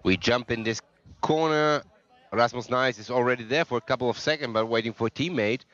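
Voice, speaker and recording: A man's voice: medium pitch, brisk, a bit bright. A man doing live sports co-commentary in broken, non-native English, chatting about the players between calls. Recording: lo-fi, muffled sound.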